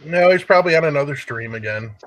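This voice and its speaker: A man's voice: a little high, animated, quick pace, no room sound, rough recording. A man on a livestream, throwing in profane, laughing asides to his friends. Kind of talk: casual livestream chat.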